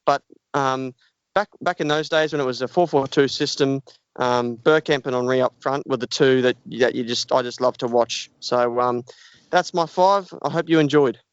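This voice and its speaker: A man's voice: mid-range voice, normal speed, clear, resonant tone, no echo. A man co-hosting a casual podcast, talking enthusiastically and heaping on praise. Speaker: podcast co-host. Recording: dull lo-fi dry podcast audio.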